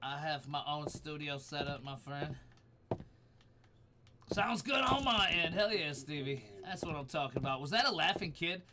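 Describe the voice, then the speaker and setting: A man's voice: on the high side, expressive, normal speed, noisy background. A man streaming a horror game live, swearing a lot, jumpy and teary from fright, yelping and laughing at each scare. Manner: profane, jumpy, shrieks and laughs when scared. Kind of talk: live gameplay commentary.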